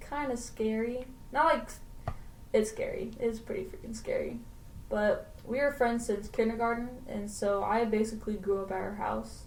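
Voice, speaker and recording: A woman's voice: medium pitch, a little mellow, distant mic, slight background noise. A young woman co-hosting a podcast, telling a scary story in casual, slangy talk and swearing freely. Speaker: podcast co-host. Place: home podcast room. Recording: roomy echo, mic set back.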